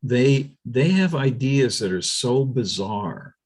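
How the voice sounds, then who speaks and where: A man speaking as a guest on a political talk show, emphatic and animated, often restarting his sentences. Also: medium pitch, slow, slightly rough.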